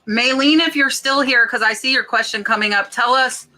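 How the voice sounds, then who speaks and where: Bright-voiced chatty woman host. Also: fairly high pitch, normal speed. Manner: chatty, many fillers like "um" and "like". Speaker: podcast host reading chat questions. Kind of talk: casual podcast chat.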